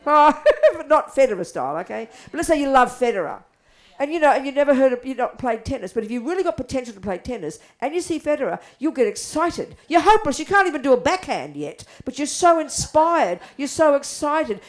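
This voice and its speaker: Older woman, Buddhist teacher, blunt, animated, fairly high voice, rhetorical questions. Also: fairly quick. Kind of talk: dharma talk to an audience.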